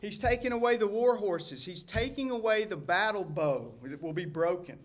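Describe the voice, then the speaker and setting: A middle-aged man, a pastor preaching a sermon with animated delivery, shouting quoted crowds and dropping to near-whispers. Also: high voice, moderate pace.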